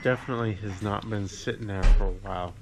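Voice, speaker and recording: Chatty man vlogging food over loud street noise. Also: lowish voice, steady tone, quick pace. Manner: chatty, playful commentary while tasting food. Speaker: travel vlogger. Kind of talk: casual food vlog narration.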